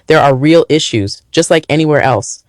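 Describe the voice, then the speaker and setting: A man giving a heartfelt personal reflection in measured, list-like phrases. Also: on the high side, a little hiss or hum.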